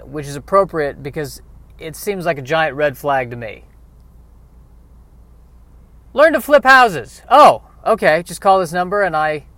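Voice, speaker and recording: A man's voice: on the high side, fairly bright tone, no room sound. A man from Colorado musing wryly in a casual comic monologue, outdoors on a city street. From Aurora, Colorado. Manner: wry, rambling, sardonic. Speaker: comedian.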